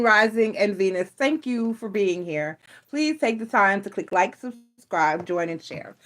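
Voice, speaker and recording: A woman's voice: fairly low pitch, background noise. Chatty woman reading tarot. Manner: chatty, playful, teasing with repeated urgings. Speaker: tarot reader.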